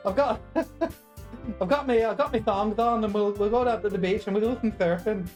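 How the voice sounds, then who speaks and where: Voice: medium pitch, a little slow, darkish tone, soft background music, pitched above the performer's own voice, natural voice. A streamer voicing a cheerful teenage girl in a game, with a put-on Australian accent and a bouncy, exaggerated delivery. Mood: bubbly.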